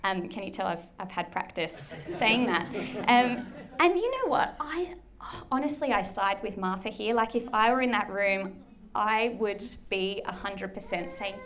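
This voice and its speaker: Brief: woman preacher, relaxed chatty sermon delivery, mid-pitched, playful asides. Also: a little slow, crowd noise. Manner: conversational, chatty, with lots of fillers; acts out quoted lines playfully.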